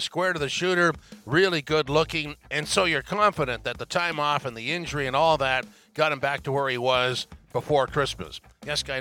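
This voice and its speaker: A man's voice: fairly high pitch, pushed and bright. A man hosting a hockey podcast, delivering punchy, emphatic verdicts. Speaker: podcast host. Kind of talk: podcast monologue.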